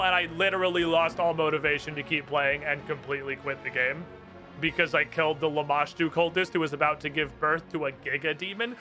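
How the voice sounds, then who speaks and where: A man's voice: fairly high pitch, steady tone, a little fast, sharp tone, soft background music. A man streaming a game, giving casual commentary full of heated, swearing rants.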